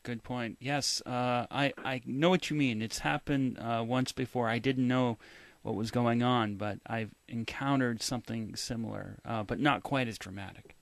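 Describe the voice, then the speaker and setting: A man's voice: mid-range voice, fairly even intonation, normal speed, creaky, few pauses, dry recording. Dry-voiced male radio host. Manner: reads prepared questions, brief affirmations. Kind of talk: radio interview.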